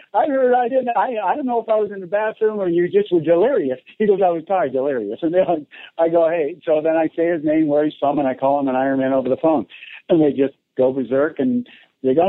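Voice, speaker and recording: Telling stories in a casual interview, the man, a race announcer, has a voice on the high side and talks fairly quickly. He laughs often and plays out voices with animation, heard over a tinny phone line with no room sound.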